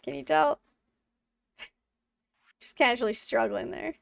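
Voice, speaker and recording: Recorded far from the mic with no room sound, a woman in her twenties speaks slowly in a high-ish, creaky voice. She's live-streaming a farming game from home, chatting casually with her viewers and laughing often.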